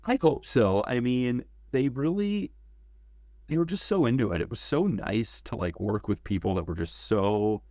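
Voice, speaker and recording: A man as an interview guest, telling stories in a casual, animated way, acting out quotes and swearing freely. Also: medium pitch, normal speed, dry recording, clean studio sound. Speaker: interview guest, former game cinematics director.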